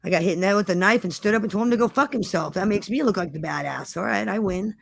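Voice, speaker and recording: A woman's voice: medium pitch, fast, vocal fry, no room sound. A woman guest telling a story in a defiant, profane way, repeating herself for emphasis. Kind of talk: casual storytelling.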